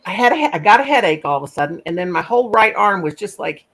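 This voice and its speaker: A woman's voice: medium pitch, big pitch swings, fairly bright tone. A woman hosting a live stream, chatting casually and telling a rambling story. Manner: rambling storyteller, quick asides, folksy. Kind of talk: casual chat.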